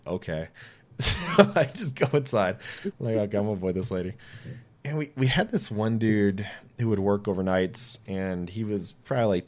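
A man in his late twenties, a podcast guest, telling casual stories with animated delivery, acting out quoted dialogue and swearing freely. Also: on the low side. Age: 20s. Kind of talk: casual storytelling.

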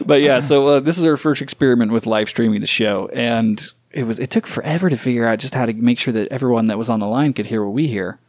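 A man's voice: medium pitch, fast, hardly any pauses, a little mellow. A man co-hosting a casual podcast, joking crudely and recording on a phone. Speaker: podcast co-host. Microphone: phone in selfie mode.

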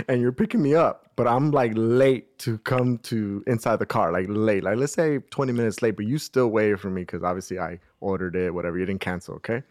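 A man's voice: on the low side, fairly quick, darkish tone. Chatty young man laying out scenarios. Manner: explains scenarios at length, lots of like. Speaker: podcast co-host setting up challenges. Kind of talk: casual chat.

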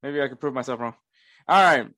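A man's voice: mid-range voice, fairly quick, sharp tone, no echo, studio quality. A man hosting a casual sports podcast, laughing often and poking fun at himself. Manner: laughs often, self-mocking. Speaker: podcast host.

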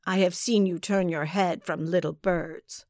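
Woman voicing a fierce young tomcat, low, hissing and slow, storybook, dry read. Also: fairly even intonation, darkish tone, no room sound. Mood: suspicious. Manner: hissing, intense. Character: young male cat, nervy, fierce and suspicious.

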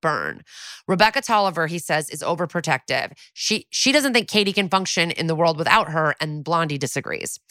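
A woman's voice: sits low, fairly quick, few pauses, sharp tone, no room sound, studio quality. A woman co-hosting a podcast, chatting casually through an episode recap with plenty of fillers and casual swearing. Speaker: podcast co-host.

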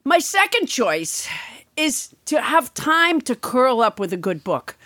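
High, lively, playful woman co-host. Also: no room sound. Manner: playful, teasing, quick to joke. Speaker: podcast co-host and author. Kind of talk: casual comedic chat.

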